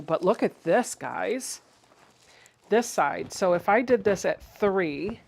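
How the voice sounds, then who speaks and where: A woman's voice: mid-range voice, darkish tone. Chatty woman hosting a sewing livestream. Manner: chatty, explains each step while reading viewer comments aloud. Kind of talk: casual livestream sewing tutorial.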